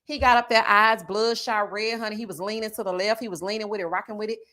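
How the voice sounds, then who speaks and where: A woman hosting a casual reality TV recap livestream. She talks straight to her viewers, reads their chat aloud, and bursts into loud laughs. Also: mid-range voice, steady tone, quick pace.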